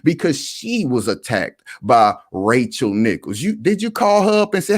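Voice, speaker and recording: A man's voice: mid-range voice, big pitch swings, normal speed, hardly any pauses, no echo, clean studio sound. A man hosting a live reaction commentary stream, talking animatedly and addressing his audience directly over and over. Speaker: online commentary host.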